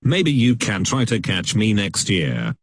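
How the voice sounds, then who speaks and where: A British male text-to-speech voice reading the lines of a cheery male leprechaun greeting schoolchildren, in an even, machine-read way. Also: on the low side, measured pace, gravelly, no echo, heavily acted.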